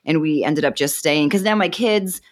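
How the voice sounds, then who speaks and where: A woman's voice: deep voice, moderate pace. Wry woman from Boston, Boston accent. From Boston, Massachusetts. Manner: chatty, wry and joking. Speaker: guest, dating podcaster and author. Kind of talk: casual interview chat.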